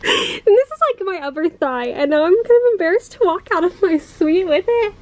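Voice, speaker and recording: Chatty high-voiced young woman vlogging. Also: expressive, fairly quick, a little mellow. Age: college age. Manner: rambling, chatty, laughs when embarrassed. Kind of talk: casual vlog.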